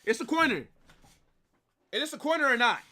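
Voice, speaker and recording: A young man hosts a live football watch-along, ranting with exasperation and breaking into shouted bursts. His pitch leaps and plunges all over the place. The tone is bright and forceful. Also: very animated, brisk. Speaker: fan stream host.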